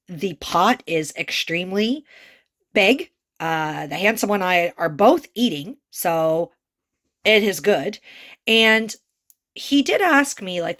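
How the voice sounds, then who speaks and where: A woman's voice: medium pitch, expressive, moderate pace, a bit bright. A woman from Canada chatting casually through a home kitchen vlog, explaining recipes step by step with plenty of enthusiasm. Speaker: vlogger.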